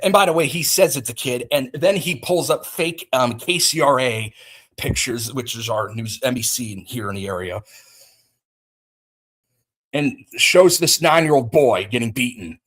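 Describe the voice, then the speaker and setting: On his livestream, a man fumes about a feud, repeatedly cutting himself off to start over. He talks at normal speed in a medium-pitched, slightly bright voice.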